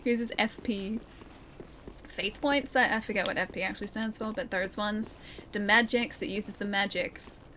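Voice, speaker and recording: Over game music, a woman plays on stream and talks to her chat, giggling as she goes. Her mid-range voice moves at normal speed with a bright, forceful tone, and the rough recording carries a little hiss or hum.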